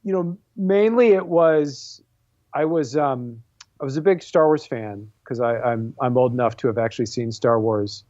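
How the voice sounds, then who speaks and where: A man's voice: medium pitch, normal speed, a little mellow, dry recording, highs cut off. A man in his forties, a comic book artist and writer guesting on an interview show, talking casually with many fillers and restarts. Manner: rambling, self-deprecating, many fillers and restarts.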